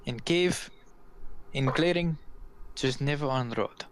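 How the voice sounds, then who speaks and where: A man's voice: medium pitch, measured pace, slight background noise, close to an everyday voice. A man voicing a cryptic, wary old fortune-teller woman with broken English, for a tabletop game podcast. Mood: cryptic warning. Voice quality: broken-English foreign accent put on for the figure.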